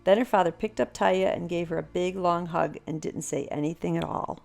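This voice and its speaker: An older woman narrating a children's storybook aloud in an animated, expressive way. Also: on the low side, fairly quick, creaky, soft background music.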